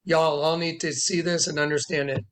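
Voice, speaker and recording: At a moderate pace and with little pitch movement, a man with a slightly high, a-bit-bright voice recounts a dispute as a self-styled prophet. His rambling testimony to camera is emphatic and repetitive, and he acts out others' words in a raised voice.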